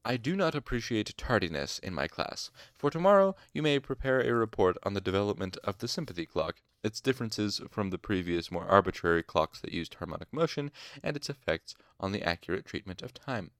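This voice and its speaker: Guy reading as a stern sarcastic lecturer, low voice, dry sound, chewing out latecomers. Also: lively intonation, fairly quick, fairly bright tone, no echo. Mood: scolding. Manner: sarcastic, scolding, mock courteous. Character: stern, cutting male university master.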